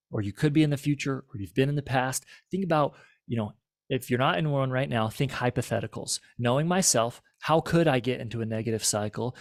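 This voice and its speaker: A man's voice: a little high, dry recording, clean studio sound. A man, a marriage and family therapist, giving a conversational teaching talk that often checks in with listeners.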